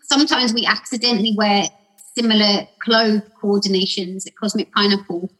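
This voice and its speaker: A woman's voice: mid-range voice, fairly even intonation, moderate pace, rough recording. A woman guest on a podcast, chatting casually and rambling through stories, often acting out what people said. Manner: rambling, warm storyteller acting out quotes with laughs. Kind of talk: casual storytelling chat.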